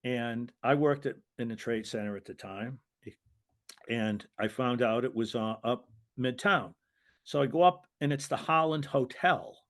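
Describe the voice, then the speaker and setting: This interview guest is an older American and former wrestling referee whose medium-pitched voice is unhurried and fairly bright. His anecdotal storytelling runs long, wandering and restarting as he performs the quoted voices himself.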